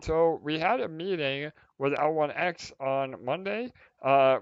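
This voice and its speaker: A man's voice: medium pitch, clean tone, dry recording, dull audio. A man hosting a livestream community update for a crypto project, upbeat and full of fillers and restarts.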